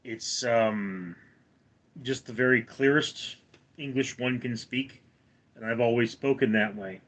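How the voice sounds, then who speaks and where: A middle-aged man with a General American accent hosting a casual livestream, reading out chat comments and answering them at a measured pace. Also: medium pitch, fairly bright tone. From United States. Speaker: livestream host.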